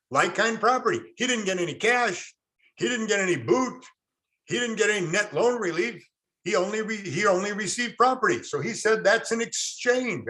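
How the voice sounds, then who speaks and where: A man's voice: high-pitched, pushed and bright. A man teaching a real estate class online, explaining through stories and quizzing students in chat. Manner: storytelling, quotes people in acted asides, quizzes the class.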